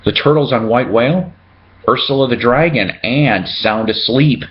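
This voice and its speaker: A man's voice: medium pitch, moderate pace, highs cut off. A man hosting a casual show-and-tell video about his records, chatting and joking as he reads out the labels. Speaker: record collector host.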